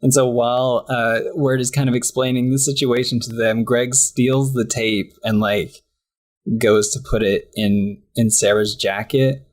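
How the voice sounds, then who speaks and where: A man co-hosting a podcast, chatting casually and acting out characters' lines in high voices while laughing often. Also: steady tone, unhurried. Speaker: podcast co-host. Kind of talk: casual chat recapping a cartoon.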